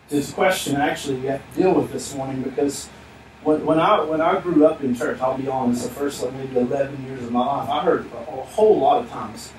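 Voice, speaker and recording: A man's voice: mid-range voice, brisk, darkish tone, distant mic. A man preaching a sermon in church. He speaks animatedly and acts out the words of the figures he talks about. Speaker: pastor. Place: church sanctuary. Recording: echoey room, heard from afar, faint hiss.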